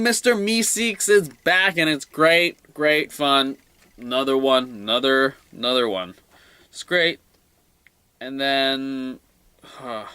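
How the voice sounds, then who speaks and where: A young man giving a casual solo comic book review, rambling and excitable, often trailing off quietly. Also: mid-range voice, clear, resonant tone, dry recording.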